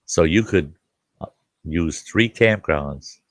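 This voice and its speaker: A man's voice: rumbling low, slow pace, no echo. A middle-aged man, a campground host, telling rambling, profane stories in casual chat and laughing at his own jokes. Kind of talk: casual live chat storytelling.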